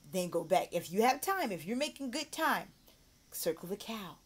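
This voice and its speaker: A woman's voice: medium pitch, animated, a little hiss or hum. A woman giving a mock online English lesson, switching between explaining to viewers and a sing-song voice modeling praise and phrases for young learners. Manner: slow, drawn-out model phrases. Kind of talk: mock teaching demo with explanation.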